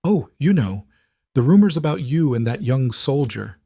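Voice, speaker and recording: A man's voice: medium pitch, big pitch swings, normal speed, gravelly, warm tone, no echo, clean studio sound, voice pushed up. A man voicing a scheming mafia wife who talks with syrupy, conspiratorial false sweetness. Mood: falsely sweet.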